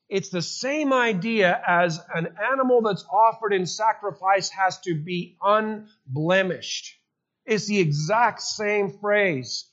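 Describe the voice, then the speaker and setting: Male preacher, high pitch, storytelling sermon with repeated emphasis, muffled lo-fi recording.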